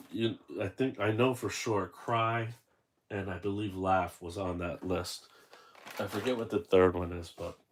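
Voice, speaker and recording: A man's voice: low voice, a little hiss or hum. A man unboxing a toy figure and chatting casually, rambling and correcting himself as he tells a story.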